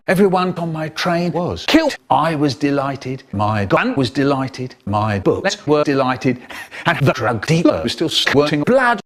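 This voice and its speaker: Animated older male storyteller, lively pitch. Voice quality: expressive, voices the characters with big pitch jumps. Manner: animated, theatrical, drawn-out words for effect. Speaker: storyteller in a spliced comedy edit. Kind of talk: children's story reading, cut and spliced.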